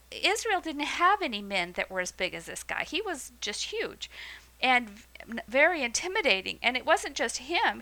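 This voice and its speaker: A woman teaching a Bible lesson, retelling the story in a lively, conversational way with asides. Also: a little high, poor audio.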